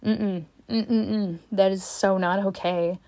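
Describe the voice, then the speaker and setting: Woman, vlogger, frustrated candid rant, blunt with frequent swearing, halting restarts, sighs, dry close sound. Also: mid-range voice, fairly even intonation, mellow, no echo. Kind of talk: candid venting monologue.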